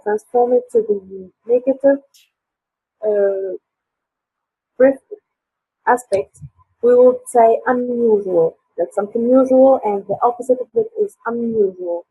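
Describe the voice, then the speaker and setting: A woman's voice: on the high side, husky, no echo. A woman teaching a live online English class, hesitant and full of fillers, over dull lo-fi call audio. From Tunisia.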